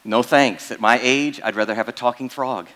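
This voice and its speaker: A man's voice: mid-range voice, fairly even intonation, normal speed, a bit bright, a little hiss or hum, close to an everyday voice. A man playing a dry, matter-of-fact fisherman in his eighties, delivering the punchline of a joke. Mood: wry.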